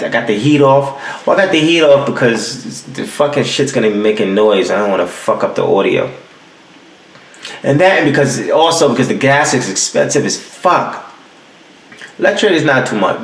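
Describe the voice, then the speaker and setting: Young guy hosting his podcast, cussing and ranting, pitch jumps all over, roomy echo. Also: moderate pace, gravelly. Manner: profane, animated storytelling with acted-out quotes. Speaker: podcast host. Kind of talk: casual solo rant. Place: home room with the heat off.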